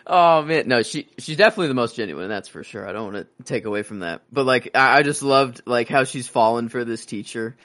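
A man's voice: mid-range voice, lively intonation, a little fast, hardly any pauses, fairly bright tone. A man co-hosting a casual movie-discussion podcast, rambling and acting out scenes in character voices. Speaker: podcast co-host.

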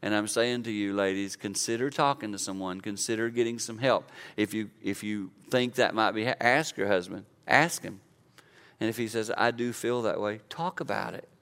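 A man's voice: lowish voice, normal speed, a bit bright, clear, resonant tone. A man in his fifties preaching an earnest, conversational sermon, acting out quotes to make his point. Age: 50s. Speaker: pastor.

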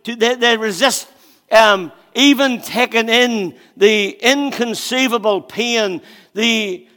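A man preaching a sermon, swinging between loud emphasis and hushed, slow phrases as he reads scripture aloud. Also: high-pitched, clean tone, in a large hall.

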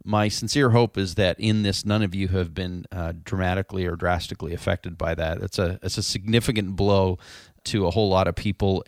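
A man's voice: low voice, no echo. A man hosting a casual industry podcast in a studio, chatty and upbeat, with many fillers and restarts. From Canada. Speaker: podcast host.

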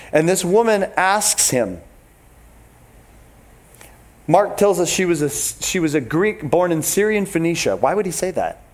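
A male pastor delivering a sermon with a fairly high voice. He preaches in an animated, emphatic way, talking straight to the people in front of him.

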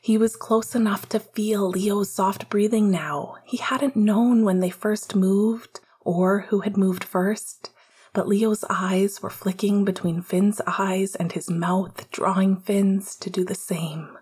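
Woman narrator, whispered storytelling, slow and breathy. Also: mid-range voice, steady tone, darkish tone. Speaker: audiobook reader.

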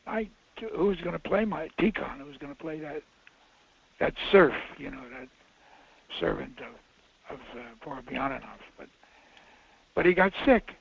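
A man's voice: on the high side, lively intonation, normal speed, creaky, long pauses. An older man, a film director, telling rambling, self-interrupting anecdotes in a casual interview. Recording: muffled dull interview audio.

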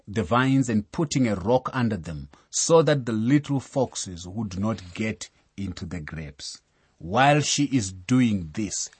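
A male preacher giving measured Bible teaching, telling a story and citing scripture verses. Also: mid-range voice, breathy edge, no room sound. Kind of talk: sermon-style Bible teaching.

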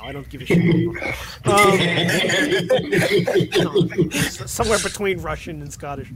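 A man's voice: a little high, animated, normal speed, pauses often, very noisy. Man running a tabletop game. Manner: chatty, laughing, swears casually. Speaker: game master.

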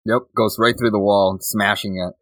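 A man's voice: fairly low pitch, steady tone, moderate pace, fairly bright tone, no echo. A man co-hosting a casual podcast chat, chiming in with short remarks and chuckles. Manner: brief agreeing remarks, chuckles often. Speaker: podcast co-host.

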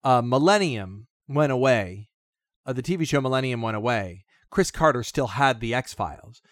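Excitable, rambling man in dry chat. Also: medium pitch, moderate pace, no room sound. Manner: rambling, excitable, restarts and asides. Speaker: podcast co-host. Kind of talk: casual chat.

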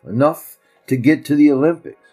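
A man narrating a story with a measured, reflective telling. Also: a little high, mellow, soft background music, rough recording.

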